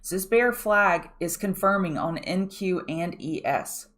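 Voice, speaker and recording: A woman's voice: fairly low pitch, animated, unhurried, fairly bright tone. A woman hosting a pre-market trading show, walking viewers through charts in a direct, coaching way and often asking them to look at the chart. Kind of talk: live chart analysis walkthrough.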